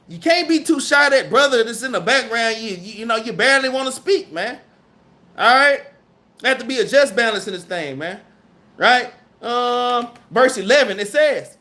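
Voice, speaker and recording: A man with a Southern US accent teaching a scripture class in a casual, slangy way, reading verses slowly and then explaining them. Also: high voice, lively intonation, bright, forceful tone.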